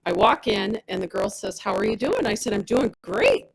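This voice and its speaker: A woman's voice: mid-range voice, animated, fairly quick, gravelly, low-quality recording. A woman giving a personal testimonial as a product rep, telling her story with animation and acting out the dialogue of others.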